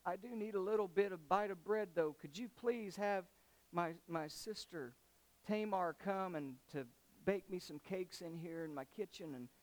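A man's voice: high-pitched, normal speed, lightly acted. A man voicing a lovesick young prince who fakes illness and pleads in a weak voice. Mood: whiny.

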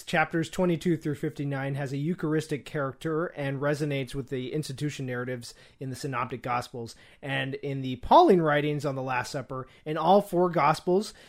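A young man co-hosting a casual podcast, reading from his notes with frequent fillers and restarts. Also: fairly high pitch. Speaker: podcast co-host.

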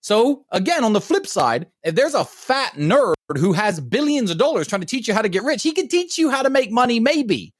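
A male podcast co-host speaks bluntly and cockily, brushing questions aside. His husky voice moves through a wide, animated pitch range. The sound is dry, with no room echo. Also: normal speed, few pauses. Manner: blunt, cocky, dismissive. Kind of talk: casual boastful podcast banter.

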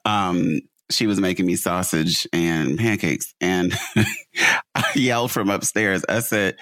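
A man's voice: lowish voice, lively intonation, normal speed, a bit bright, no echo. A man, a son, telling family stories in a casual chat, laughing and mimicking his mother.

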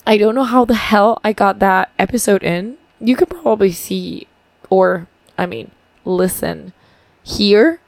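A young woman from Paraguay records a casual video diary, speaking at an unhurried pace. Her talk is chatty and upbeat, and she swears freely. The sound is dry, with no room echo. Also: medium pitch, vocal fry. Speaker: vlogger.

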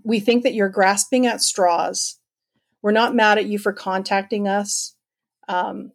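Middle-aged canadian lady telling her story, earnest and kinda emotional, lots of ums, average pitch. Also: creaky. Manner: earnest, emotional, rambling with many fillers. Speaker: guest telling her adoption search story. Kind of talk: personal storytelling in conversation.

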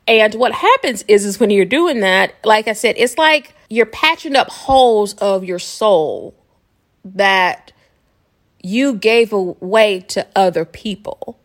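A chatty woman hosts a podcast with casual spiritual self-help talk. She rambles, laughs often and checks in with her listeners. Her pitch sits in a middle range. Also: animated, slow. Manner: laughs often while talking. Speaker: podcast host.

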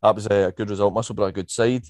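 A man's voice: on the low side, fairly even intonation, very fast, darkish tone, dry recording. A man with a West of Scotland accent co-hosting a podcast, chatting in a laid-back way with frequent ums. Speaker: podcast co-host. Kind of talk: casual chat.

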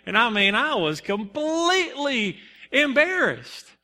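A man's voice: extremely high pitch, animated, moderate pace, pushed and bright. A young man preaching a sermon in a church, telling personal stories earnestly with bursts of emphasis. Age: young adult. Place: church sanctuary. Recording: long hall reverb.

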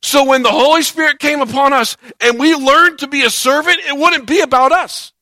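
Male pastor, sermon delivery, bright tense tone, dramatic swings in volume, acts out voices. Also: extremely high pitch, normal speed, dry recording. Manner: animated preaching, acts out quoted voices, swings loud and soft.

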